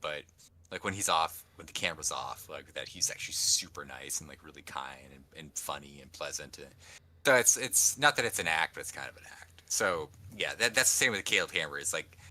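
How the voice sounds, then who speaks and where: A man's voice: very deep voice, lively intonation, brisk, bright, forceful tone. A man co-hosting a casual podcast, rambling with restarts and acting out quoted people. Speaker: podcast co-host. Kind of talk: casual chat.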